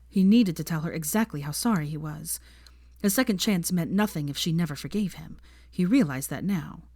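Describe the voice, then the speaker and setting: A woman reads fan fiction aloud with steady, expressive storytelling. Her voice is on the low side, and the recording is dry with no room sound. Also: dry recording. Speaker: narrator.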